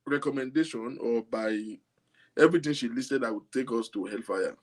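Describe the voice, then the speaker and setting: A medium-pitched man with a Nigerian accent, moderate in pace. Talking casually to camera as a vlogger, he comments with amused disbelief and laughs often.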